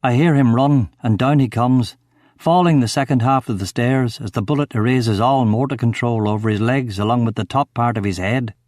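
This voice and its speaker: A man's voice: mid-range voice, moderate pace, darkish tone, no room sound, studio quality. Man narrating a tense thriller. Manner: terse, clipped, tense first-person storytelling. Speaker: audiobook narrator. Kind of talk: first-person audiobook narration.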